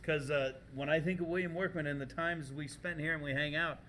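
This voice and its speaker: A man hosting a casual podcast, telling animated, profane stories and laughing often, recorded in a school culinary kitchen. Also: fairly high pitch, a little fast, a little hiss or hum. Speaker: podcast host and culinary teacher.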